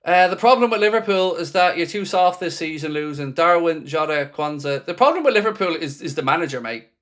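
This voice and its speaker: A man's voice: on the high side, animated, brisk, a bit bright. A man with a slightly raised voice hosts a live football watchalong from a home streaming setup. He reads viewer messages aloud and answers each one with dry, sarcastic fan commentary. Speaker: watchalong host.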